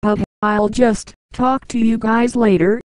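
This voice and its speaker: A woman's voice: on the high side, little pitch movement, a little slow, a little mellow, dry recording, close to an everyday voice. A woman reading an audiobook, voicing a nervous young woman who hesitates before leaving.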